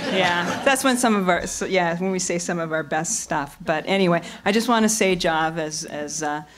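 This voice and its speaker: A woman's voice: lowish voice, moderate pace, slight background noise. A woman giving a comic roast speech as a radio co-host, laughing as she acts out the dialogue.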